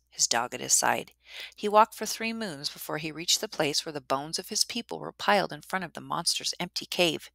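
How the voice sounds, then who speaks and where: Low-voiced woman storyteller, bright and dry. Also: creaky, no echo. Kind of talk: traditional story narration.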